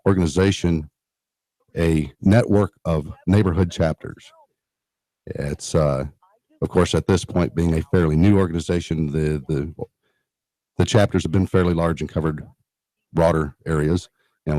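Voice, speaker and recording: An earnest man talks as a radio guest, his voice low and mellow. He explains at length, often pausing on fillers and restarting his sentences. The studio sound is close and dry. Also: fairly even intonation, no echo. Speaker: radio guest from a neighborhood emergency preparedness group. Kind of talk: radio talk interview.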